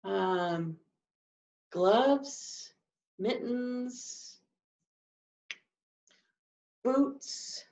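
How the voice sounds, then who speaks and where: A woman with a fairly high, mellow, expressive voice speaks extremely slowly, leaving long pauses. She's teaching a sign language class live, explaining signs and demonstratively acting out emotions with her voice. The audio is dull and lo-fi, picked up by a distant mic.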